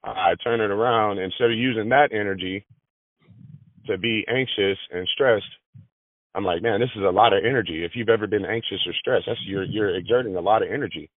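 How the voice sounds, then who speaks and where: A man talks in an interview with a fairly low voice, often repeating himself and starting sentences over. The sound is dry and tinny, like a phone call. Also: fairly quick, no room sound. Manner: repeats words, restarts phrases. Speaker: granite business manager. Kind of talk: interview conversation.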